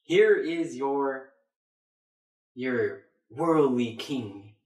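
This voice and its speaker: A man voicing God as a stern, patient king who speaks calmly and solemnly, in a roomy echo. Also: mid-range voice, drawn-out words.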